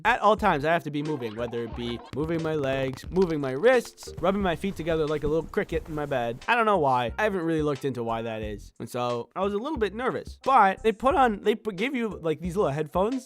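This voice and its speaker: A man's voice: fairly high pitch, quick pace. A young man narrating a comedic storytime, dry and sarcastic, acting out the people he quotes. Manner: wry, animated, bitter sarcasm with voiced quotes. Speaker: animator and storyteller.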